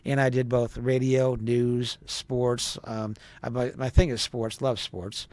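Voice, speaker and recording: A man's voice: mid-range voice, level tone, takes it slowly, a little mellow, no room sound. A man in his fifties from Wisconsin, a former radio DJ, telling stories as a podcast guest and acting out the voices of the people he quotes. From Wisconsin, USA. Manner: chatty storyteller who acts out quoted voices. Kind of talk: storytelling interview.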